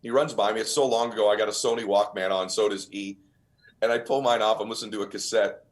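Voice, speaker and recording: A man's voice: lowish voice, steady tone, quick pace. A man as a podcast guest, telling motivational stories in an earnest, emphatic, almost preacher-like way. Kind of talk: motivational storytelling.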